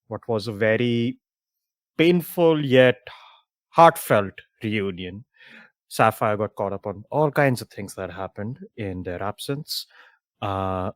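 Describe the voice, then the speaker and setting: A man running a tabletop game as game master, recapping the story in a relaxed way with fillers. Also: lowish voice, no echo. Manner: relaxed, loose narration with fillers.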